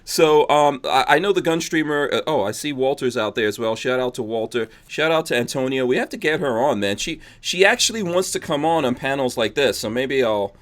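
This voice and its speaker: An easygoing man hosts a casual panel podcast, chuckling often as he steers the talk. His pitch sits in an ordinary middle range, and he reads shout-outs to his viewers from the chat. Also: lively intonation, brisk, hardly any pauses. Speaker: podcast host.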